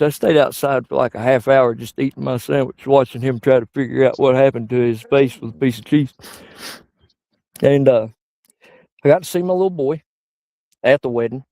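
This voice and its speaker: Gravelly man telling crude stories. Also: dark tone, no echo. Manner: crude, rambling anecdotes with sudden high-pitched outbursts. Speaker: stand-up comedian. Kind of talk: stand-up storytelling.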